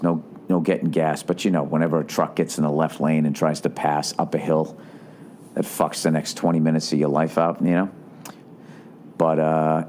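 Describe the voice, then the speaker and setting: A man's voice: deep voice, darkish tone, a little hiss or hum. A man hosting a podcast, telling a story in an exasperated, sarcastic rant full of swearing. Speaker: podcast host. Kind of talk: profane ranting storytelling.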